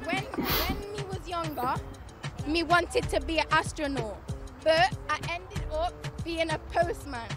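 A woman being interviewed, reciting a sentence slowly in an attempted accent. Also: extremely high pitch, music in the background.

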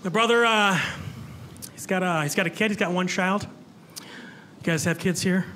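A man with a high voice doing stand-up in a club, joking about himself and bantering with the audience. The live recording carries a clear hum of room noise behind his handheld mic. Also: moderate pace. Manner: chatty, self-mocking, talks with the crowd. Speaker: stand-up comedian. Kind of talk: stand-up comedy set. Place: comedy club stage before a live audience.

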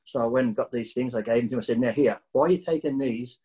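A man's voice: mid-range voice, quick pace, poor audio. A middle-aged man telling a story in casual conversation, blunt and swearing freely as he recounts it. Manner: blunt, profane, animated storyteller. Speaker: guest bodybuilder.

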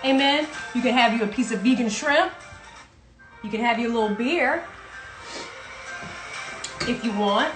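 A woman's voice: fairly high pitch, measured pace, pauses often, reverberant, faint music behind. A woman from South Carolina with a Southern accent, hosting a playful, chatty livestream show from her home. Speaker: host. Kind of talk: casual livestream chat. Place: home in Brooklyn.

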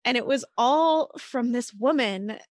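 A woman's voice: on the high side, unhurried, no echo, clean studio sound. A woman guest on a podcast, a mother telling a personal story in a casual, earnest way, full of "like" and "you know". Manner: earnest, chatty, many "like" and "you know" fillers.

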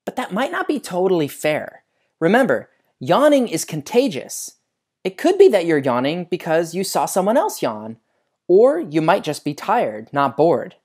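A man's voice: sits high, moderate pace, breathy edge. A man hosting an educational science video for children, talking outdoors by some trees and putting questions to the viewer. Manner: animated, asks the viewer questions. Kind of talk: educational video lesson for kids.

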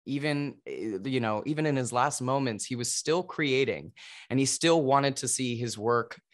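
A man's voice: mid-range voice, normal speed. A man in his thirties, a stage actor, recalling memories in an earnest, emotional way over a video call. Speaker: Broadway actor, guest.

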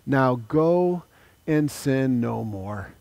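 A man preaching as he voices a gentle, forgiving adult male Jesus in a retold story, speaking quietly. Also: mid-range voice, lively intonation, slow pace, dry recording.

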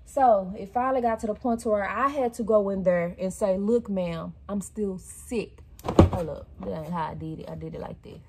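A woman vlogger in a chatty, candid mood, talking straight to her audience as y'all. She is lively and quick to break into excited squeals, keeping an easy, mid-range voice. Her tone stays down-to-earth throughout. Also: mid-range voice, very noisy. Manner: animated, bursts into excited squeals. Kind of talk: casual vlog talk to viewers.

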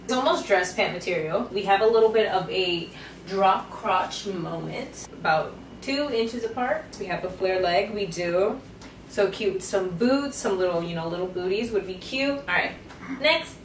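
This fashion vlogger, a young adult woman, has an expressive mid-range voice and talks at a moderate pace. She playfully walks through a clothing try-on haul with sassy slang sprinkled in. The sound is roomy, with a distant mic and a little background noise.

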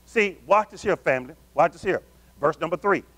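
High-pitched animated preacher man. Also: fairly quick. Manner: animated call-and-response preaching, addresses the congregation as family. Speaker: pastor. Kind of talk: sermon.

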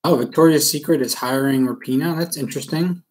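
A man's voice: a little high, a little fast, a little mellow, slight background noise, rough recording. A man from Maryland chatting casually on a live stream, self-deprecating and full of ums and uhs. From Maryland, USA. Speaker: live-stream card breaker. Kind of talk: rambling live-stream chat.

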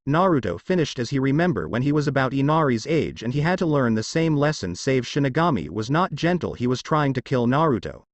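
A man's voice: medium pitch, sing-song, a little fast, few pauses, dry recording. A man narrating a fan fiction story in a plain read-aloud manner.

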